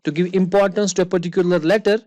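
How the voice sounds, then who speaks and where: A woman's voice: on the low side, steady tone, fast talker, mellow, no room sound. A woman teaching a one-on-one recitation lesson, explaining rules patiently and checking understanding with frequent questions.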